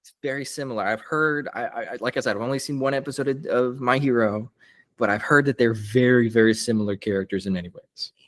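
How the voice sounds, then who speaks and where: A man's voice: mid-range voice, fast talker. A young man, a voice actor, chatting as a guest in a casual podcast interview, upbeat and laughing often. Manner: upbeat, laughs often, lively when retelling.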